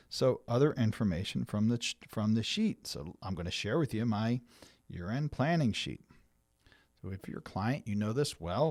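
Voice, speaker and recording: A middle-aged man talks viewers through year-end money matters in an easy, conversational way, often restarting his sentences and filling pauses. His voice sits at an ordinary pitch, and the recording is dry and close, with no room sound around it. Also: darkish tone, no room sound. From United States. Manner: conversational, many restarts and fillers. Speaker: financial planner hosting a show. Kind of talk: explanatory talk to viewers.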